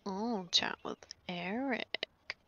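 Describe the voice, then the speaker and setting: A woman's voice: mid-range voice, drawn-out words, fairly bright tone, lo-fi sound. A young woman casually commenting while playing a life-simulation game, often whispering and amused. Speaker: gaming channel host. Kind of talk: casual let's-play commentary.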